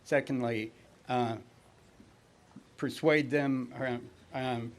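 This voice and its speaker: A man from the audience at a campus debate, building his question slowly with pauses and restarts. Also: medium pitch, fairly even intonation. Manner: halting, many fillers and restarts. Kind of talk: debate Q&A at a mic.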